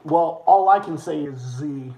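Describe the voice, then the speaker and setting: A young man hosting a casual livestream, excitable and rambling, swearing often with quick restarts. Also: fairly high pitch, gravelly, highs cut off. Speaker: livestream host. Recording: echoey room, faint noise.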